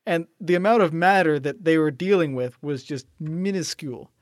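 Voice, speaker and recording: A man's voice: on the high side, moderate pace, no room sound. Man explaining with a dry close voice. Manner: analytical, nitpicking with laughs. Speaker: podcast co-host. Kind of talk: casual chat.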